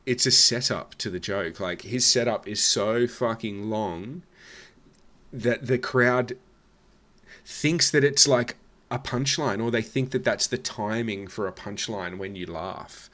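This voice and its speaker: A man's voice: lowish voice, measured pace, bright, forceful tone. An Australian man hosting a reaction video with blunt, scornful, sarcastic commentary.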